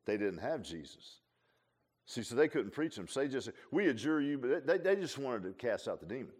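A pastor giving a conversational sermon in a folksy manner, often repeating and restarting phrases and adding humorous asides. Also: male voice, mid-range voice, sing-song, moderate pace, darkish tone, husky.

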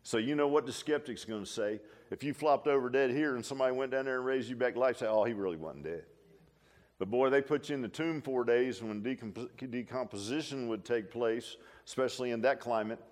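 An older man preaching a folksy, animated sermon, full of restarts and asides like "huh?". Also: mid-range voice.

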